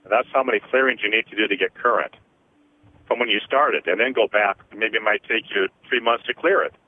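A man hosting a call-in radio show, slowly counting through energy clearings and explaining them with many fillers. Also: on the low side. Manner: slow, deliberate counting with frequent fillers. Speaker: host, energy healer. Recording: tinny phone-line radio sound.

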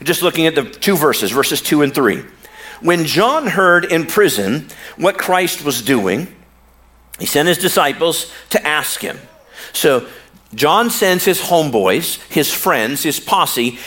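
A man preaching a sermon in a storytelling way, drawing out words for emphasis and slipping into casual slang with the congregation. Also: on the high side. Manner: animated storytelling with slow, drawn-out pauses for emphasis. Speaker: pastor.

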